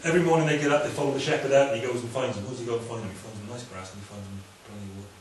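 A man from Wales preaching a sermon in a lively, conversational way with quick humorous asides. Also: mid-range voice. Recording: echoey hall, distant from mic, faint room noise.

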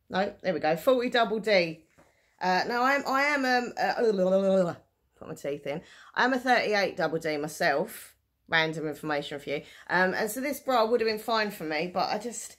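A woman with a mid-range, slightly bright voice chats casually in a show-and-tell vlog where she sells items online. She rambles, pokes fun at herself, and giggles often.

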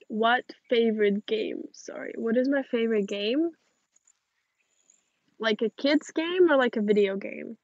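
A young woman, tired and yawning, reading viewer questions aloud and chatting back in a relaxed way on a livestream outdoors. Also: a little high, no echo, muffled recording. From Russian-speaking family. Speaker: livestream host. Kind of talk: casual livestream chat reading comments.

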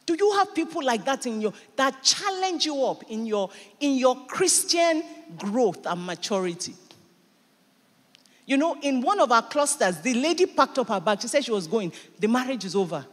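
A woman pastor preaching a sermon in church, animated and emphatic, with sudden bursts of loudness. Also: a little high, normal speed, long reverb tail. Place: church hall.

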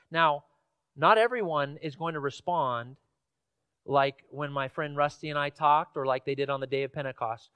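High-voiced man preaching a conversational sermon. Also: fairly bright tone, no room sound. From Washington State, USA. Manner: conversational storytelling with fillers, rising to emphatic questions. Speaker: pastor. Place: church sanctuary.

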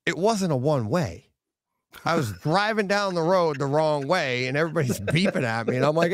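A middle-aged man co-hosting a casual podcast, telling stories with animated quoted voices and laughter. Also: on the high side, moderate pace, dry recording, studio quality. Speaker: co-host.

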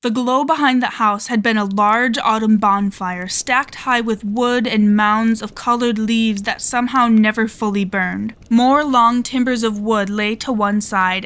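A woman's voice: on the high side, fairly bright tone. A woman with a Southern US accent narrating a first-person horror story in a tense, dramatic way.

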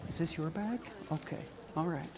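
High-voiced pastor in a reverberant church. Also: male voice, normal speed, a little mellow, slight background noise. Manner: playful, coaxing questions to children. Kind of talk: children's sermon. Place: church sanctuary.

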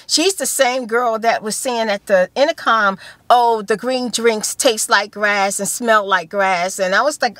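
A woman with a bright, fairly high voice rambles through a story in a whispered role-play style, full of you-knows and restarts. The sound is close and dry, with no room around it. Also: dry recording. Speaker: vlogger. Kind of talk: casual storytelling chat.

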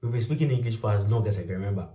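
A man's voice: fairly low pitch, very fast, far from the mic, slight background noise. A young Nigerian man, a Yoruba speaker, telling stories in a casual chat and laughing often. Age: young adult. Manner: animated storytelling, laughs often. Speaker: vlog host. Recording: roomy, a little off-mic.

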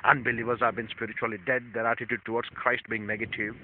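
A male pastor preaching a sermon in emphatic, non-native English, repeating phrases and swinging between loud stresses and quiet asides. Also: medium pitch, level tone, fast, few pauses. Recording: tinny phone-like dry sound.

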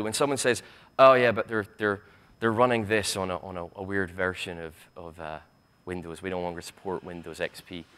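A man's voice: mid-range voice, fairly bright tone. Blunt, sarcastic Glaswegian man. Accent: Scottish, Glaswegian. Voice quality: sarcastic, blunt, swears freely. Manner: impassioned, stammering restarts, rapid asides. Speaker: keynote speaker. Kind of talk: conference keynote. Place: university conference hall.

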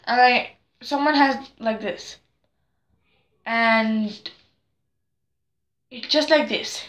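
A teenage girl chatting to camera at home in an excitable, rambling, self-deprecating way. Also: fairly high pitch, drawn-out words, roomy sound. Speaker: vlogger. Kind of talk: casual chat to camera.

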